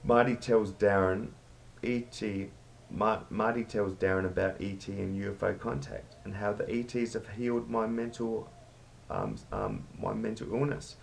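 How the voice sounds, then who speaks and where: Aussie guy rambling through a yarn, low flat voice. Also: moderate pace, vocal fry, slight background noise. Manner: rambling, crude slang. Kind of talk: casual storytelling.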